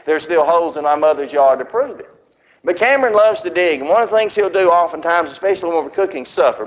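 A man preaching a sermon, slowing down and stressing words as he reads scripture aloud. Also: sits high. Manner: drawn-out emphatic scripture reading. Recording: dull lo-fi recording.

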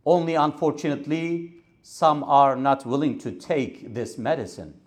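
Male imam, fairly high voice, rhetorical pulpit sermon with Arabic passages. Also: moderate pace. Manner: rhetorical, repetitive cadence with Arabic recitation. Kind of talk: Friday sermon. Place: mosque pulpit.

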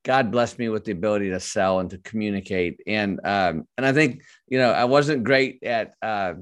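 A man, a business coach, talks as a podcast guest in a lowish voice. He is effusive and chuckles often, leaning on fillers. The recording is dry and close. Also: normal speed, dry recording. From Texas, USA. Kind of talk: casual interview chat.

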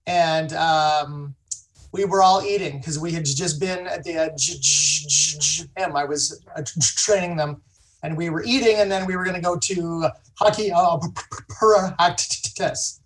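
Male guest who speaks slowly, catches and repeats the first sounds of words as he tells a story. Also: high-pitched, rough recording. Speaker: guest on a talk show. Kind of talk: casual storytelling.

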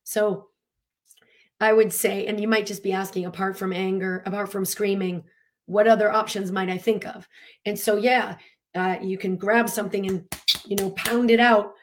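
A woman coaching listeners through emotional release in a loose, spoken teaching style. Her voice sits at an ordinary middle pitch. She talks with animated earnestness, drops in frequent fillers and laughs, and breathes and sighs audibly as she demonstrates. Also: normal speed.

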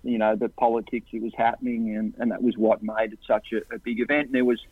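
Australian guy swapping stories on a phone call, husky voice, dry tinny line, pitch goes up when he acts out the other people. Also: quick pace, no echo. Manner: animated, jumps into higher voices for the people in his stories. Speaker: interview guest. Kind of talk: casual anecdotal storytelling.

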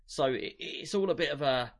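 A man's voice: fairly high pitch, normal speed. A man with an English accent co-hosting a casual tech chat show, chatty and jokey, reading listener questions aloud. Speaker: podcast co-host.

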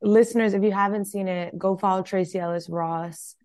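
A woman's voice: mid-range voice, steady tone, fairly quick, darkish tone, no room sound, studio quality. A young woman co-hosting a podcast in casual chat, blunt and profane, laughing often. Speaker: podcast co-host.

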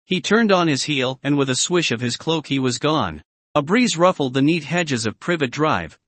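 In an audiobook-style reading, a man narrates a storybook steadily and expressively, his voice sitting a bit high for a man. The sound is close and dry, without any room sound.

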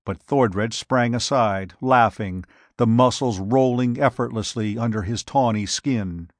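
A male narrator reads a pulp adventure with a measured, dramatic delivery and an unhurried pace. His voice sits in a typical middle register. It is recorded dry and close. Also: mid-range voice, no echo. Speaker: audiobook narrator. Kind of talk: scripted narration.

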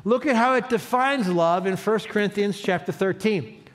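A man's voice: high voice, normal speed. A man preaching a sermon as pastor, leading his congregation in call-and-response. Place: church sanctuary.

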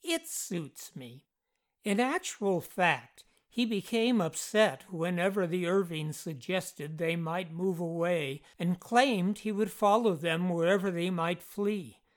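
A scripted documentary narrator telling a strange true story. The delivery is slow and unhurried, with a middle pitch. Each phrase is measured and clearly paced.

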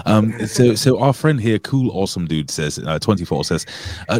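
Here is a man co-hosting a live show in a very low voice that swings widely in pitch. His delivery is playful and conversational as he reads out viewer comments. The sound is close and dry. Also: expressive, normal speed, a little mellow, no echo. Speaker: podcast co-host. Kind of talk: casual live-stream chat.

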